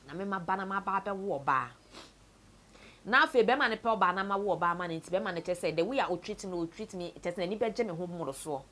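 Soft-spoken Ghanaian woman telling a sad story. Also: animated, quick pace. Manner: tells a sad story, switches between Twi and English, voice sinks low and soft. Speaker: interviewee. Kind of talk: personal story told to camera.

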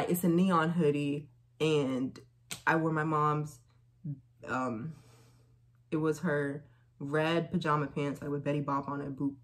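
A young woman chatting casually through a try-on haul, telling stories in lively slang. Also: deep voice. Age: young adult. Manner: chatty, animated storytelling with slang. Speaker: vlogger.

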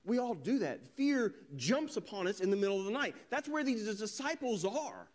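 A male preacher giving a sermon, telling a scripture story with animated delivery and reading verses slowly and solemnly. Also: high voice. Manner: animated storytelling, voices quoted characters.

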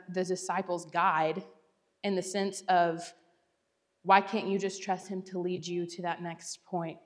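A young woman, giving a chatty, self-deprecating Bible talk with frequent laughter. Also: medium pitch. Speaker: church speaker. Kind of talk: casual Bible teaching talk.

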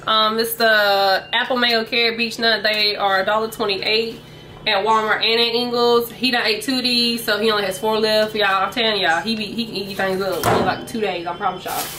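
Bright chatty woman vlogging. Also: on the high side, slight background noise. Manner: chatty, keeps addressing viewers as y'all. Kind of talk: casual grocery haul chat. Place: at home, indoors. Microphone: camera mic.

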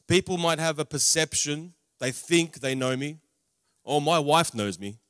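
A man giving a spoken testimony sermon, with humorous asides and big swings in loudness on emphatic words. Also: fairly high pitch, unhurried, no echo, studio quality. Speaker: preacher. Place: large camp meeting venue.

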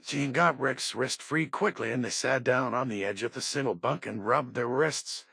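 Husky male audiobook narrator. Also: mid-range voice, moderate pace, fairly bright tone, no echo, clean studio sound. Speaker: audiobook reader. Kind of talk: scripted narration.

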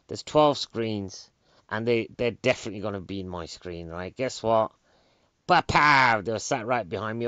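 A British comedian in a casual comedic monologue, ranting with sarcastic exasperation. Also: male voice, fairly low pitch, a bit bright, no room sound. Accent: British English. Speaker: stand-up comedian. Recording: dull, dry lo-fi recording.

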